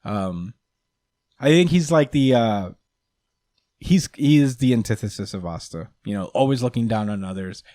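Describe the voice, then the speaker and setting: A man's voice: fairly low pitch, animated, moderate pace, warm tone, dry recording. A young man hosting a casual podcast chat, rambling and hedging with fillers like "um" and "like" as he thinks aloud. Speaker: podcast host.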